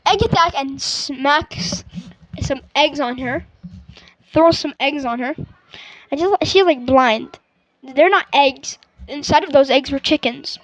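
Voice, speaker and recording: A woman's voice: high-pitched, slow, long pauses, no room sound, poor audio. A woman casually retelling a movie plot, rambling with fillers and restarts.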